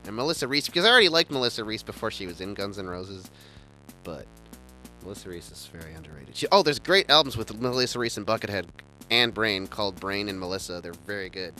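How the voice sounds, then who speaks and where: A man's voice: fairly low pitch, animated, quick pace, sharp tone, soft background music. A man hosting a casual chat, rambling enthusiastically with many stumbling restarts. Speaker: show host.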